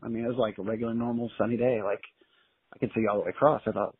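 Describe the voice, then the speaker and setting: A man telling a long story in a casual, colloquial and animated way as an interview guest, heard over a phone line. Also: medium pitch, racing, breathy edge, no room sound. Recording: tinny dry phone line.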